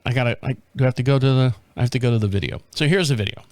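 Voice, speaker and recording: A man's voice: medium pitch, very fast, darkish tone, no echo. A man hosting a casual radio podcast from a studio, telling rambling stories and chuckling often. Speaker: podcast host.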